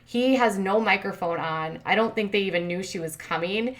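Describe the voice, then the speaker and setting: A woman's voice: mid-range voice, moderate pace. A woman hosting a commentary channel, recapping a reality show in a chatty, filler-heavy way with sarcastic asides.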